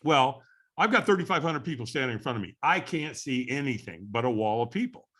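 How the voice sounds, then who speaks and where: A middle-aged man, a podcast guest, tells a story with animated repetition. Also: medium pitch, brisk, slightly rough. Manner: animated storyteller who repeats phrases for effect. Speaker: podcast guest, firewalking instructor.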